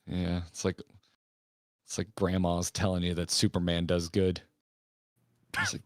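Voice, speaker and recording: A man hosting a podcast, chatting casually and telling relaxed anecdotes, acting out the quotes. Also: low voice, a little slow, pauses often, dry recording, studio quality. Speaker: podcast host.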